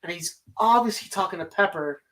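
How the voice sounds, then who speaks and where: Animated, swearing woman host. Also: on the low side, brisk, rough recording. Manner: animated, swears freely, rambling enthusiasm. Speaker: podcast host. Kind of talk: casual movie bracket commentary.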